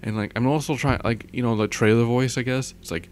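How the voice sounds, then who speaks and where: A young man in a casual vlog monologue, rambling and halting with many restarts, his throat tired from long talking. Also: medium pitch, steady tone, a little hiss or hum. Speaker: vlogger. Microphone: microphone with pop filter.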